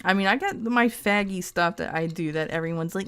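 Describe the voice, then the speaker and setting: Woman streamer, mid pitch, smooth clear voice, reads stuff out then cracks crude jokes, laughs a lot. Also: brisk. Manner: reads aloud and reacts with crude, joking asides; laughs often. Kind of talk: casual live-stream commentary.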